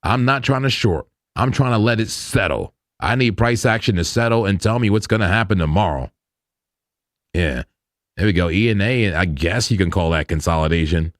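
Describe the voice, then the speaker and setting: A man's voice: on the low side, lively intonation, normal speed, no room sound, studio quality. Chatty, laughing crypto stream host man. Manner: loose and chatty, laughs often, slangy. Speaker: crypto trading livestream host. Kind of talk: casual live market commentary.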